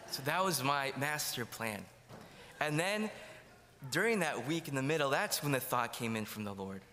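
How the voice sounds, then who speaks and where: Bright-voiced man preaching in reverberant hall. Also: mid-range voice, lively intonation, moderate pace, a little hiss or hum. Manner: storytelling, acts out quoted dialogue. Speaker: preacher giving a testimony. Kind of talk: sermon testimony.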